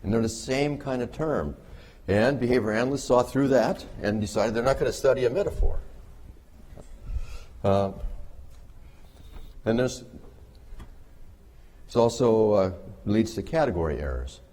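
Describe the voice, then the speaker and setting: A man's voice: medium pitch, lively intonation, measured pace, pauses often, warm tone. A man giving a humorous conference lecture on behavior analysis, wry and joking with the audience. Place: conference hall.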